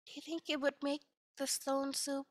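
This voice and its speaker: Timid, curious village folk, acted by a woman storyteller, asking things in a raised, halting voice full of pauses and ums. They sound shy and unsure. The sound is close and dry. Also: high-pitched, completely flat delivery, dry recording, voice pushed up, natural voice. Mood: hesitant.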